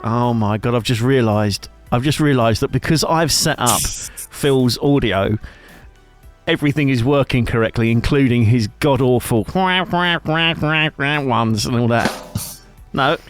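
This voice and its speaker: A man's voice: mid-range voice, unhurried, faint music behind. A man bantering casually on a livestream, reading out chat and joking around. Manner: jokey, rambling, chat-reading. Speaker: streamer co-host.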